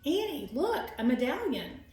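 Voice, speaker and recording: A woman's voice: fairly high pitch, animated, takes it slowly, darkish tone, soft background music. Brief: woman voicing a bossy young boy, urgent and commanding, for a storybook, roomy echo.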